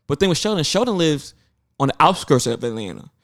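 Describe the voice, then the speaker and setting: A young man telling a travel story in casual podcast chat, profane and animated, acting out other people's voices. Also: a little high, fairly quick. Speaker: podcast co-host.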